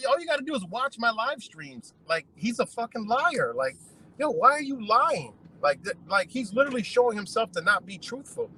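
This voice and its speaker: Husky man ranting heatedly. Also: sits high, sharp tone, low-quality recording. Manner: heated, profane, repetitive. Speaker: commentary channel host. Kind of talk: casual profane rant.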